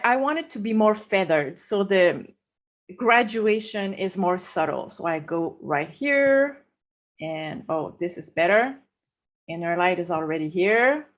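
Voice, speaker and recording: A woman with a French accent walking viewers through a photo edit step by step, laughing easily. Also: medium pitch. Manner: slow, explanatory, laughs easily. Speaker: guest photographer. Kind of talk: live photo-editing demo.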